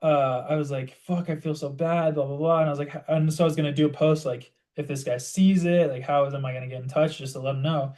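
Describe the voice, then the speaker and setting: Young man telling a story, mellow voice. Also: fairly high pitch, fast talker, hardly any pauses. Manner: animated storytelling, heavy use of "like". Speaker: podcast co-host. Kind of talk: casual chat.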